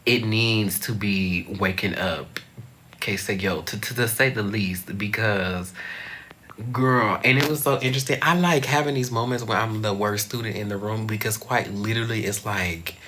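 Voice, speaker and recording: A young man chatting casually to camera as a vlogger, expressive, swinging high and loud, and at times dropping to a soft whisper. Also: moderate pace, slight background noise.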